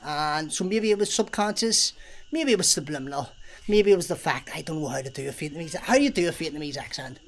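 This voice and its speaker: A man's voice: a little high, fast talker. A man giving casual, chatty travel-vlog commentary while walking outdoors through an abandoned water park. He swears freely and thinks aloud, breaking into exclamations. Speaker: travel vlogger.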